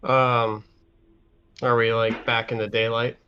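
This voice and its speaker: A man's voice: medium pitch, little pitch movement, slow pace, sharp tone, slight background noise. Hesitant man playing a tabletop game. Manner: hesitant, forgetful, searching for words. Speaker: player. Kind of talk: casual tabletop chat. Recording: dull lo-fi sound, far from the mic.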